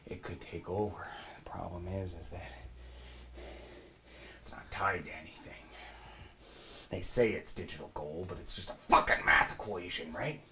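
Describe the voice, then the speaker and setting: A man playing a brash, profane finance show host in an improvised comedy monologue, rambling and boastful, swinging between loud laughing shouts and low mutters. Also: fairly quick, few pauses, background noise, lightly acted.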